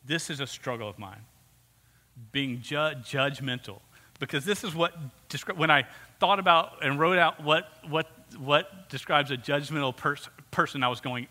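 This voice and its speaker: A man's voice: a little high, moderate pace, sharp tone, in a large hall. A man preaching as pastor to his congregation, talking in an earnest, conversational way and putting questions to the people in front of him. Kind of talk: sermon. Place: church sanctuary.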